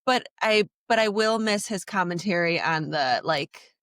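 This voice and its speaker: A woman's voice: on the low side, animated, a little slow, a bit bright, dry recording, clean studio sound. Bubbly, rambling woman co-host. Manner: bubbly, rambling, trails off, laughs while talking. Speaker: podcast co-host. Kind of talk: casual chat.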